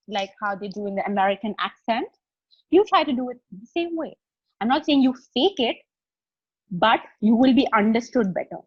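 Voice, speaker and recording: A woman with an Indian English accent coaches a group over a video call, talking in a chatty way and checking in with them often. Her voice is a little husky, and it sits close and dry with no room echo. The call audio is dull and lo-fi. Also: a little high. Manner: chatty, explains step by step, often checks in with the audience. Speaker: life coach. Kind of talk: live online coaching session.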